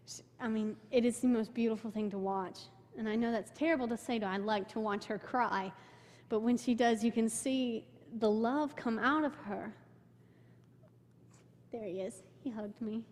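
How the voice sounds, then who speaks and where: A woman's voice: fairly high pitch, moderate pace, a little mellow. Young woman telling a church story. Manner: emotional storytelling, quotes people in her own voice. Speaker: mission trip speaker. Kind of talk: personal testimony to a church. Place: church sanctuary. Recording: long hall reverb.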